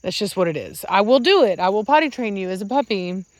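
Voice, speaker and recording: A woman from Virginia who breeds dogs, talking casually at home about her puppies and their training. Her voice sits at an ordinary middle pitch. She rambles with fillers and switches into sing-song baby talk when praising the dogs. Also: lively intonation, fast talker, dry recording. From Virginia, United States. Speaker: dog breeder.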